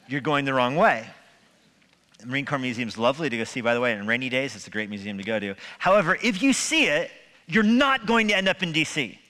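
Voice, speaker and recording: Male pastor, sermon, conversational with humor, bright voice, long church reverb. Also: mid-range voice, fast talker. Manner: conversational preaching with humor and rhetorical questions. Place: church sanctuary.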